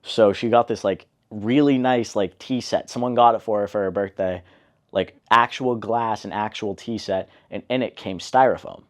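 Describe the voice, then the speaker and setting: A young man in an interview, telling a family story in a relaxed, chatty way with lots of fillers. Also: lowish voice, normal speed. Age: young adult. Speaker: interviewee, older brother.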